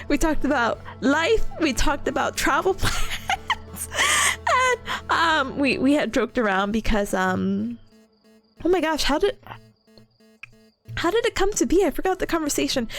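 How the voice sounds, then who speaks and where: A woman's voice: high-pitched, a bit bright. A woman streamer chatting casually with her viewers, giggling and laughing often between sentences. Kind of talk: casual livestream chat.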